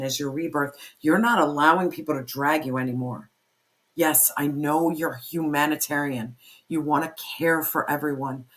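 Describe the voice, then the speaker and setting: Tarot reader, spoken reading, intense, emphatic, profane, repeats phrases, mid-range pitch. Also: fairly bright tone. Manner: fiery, pep-talk delivery.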